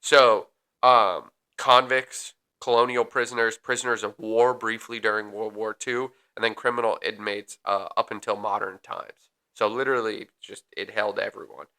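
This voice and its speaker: A man co-hosts a casual podcast and reads prison history from his notes, with plenty of filler ums. His voice sits fairly low but has a bright, forward edge, and he breaks off for offhand jokes. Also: little pitch movement, moderate pace, clean tone. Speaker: podcast co-host.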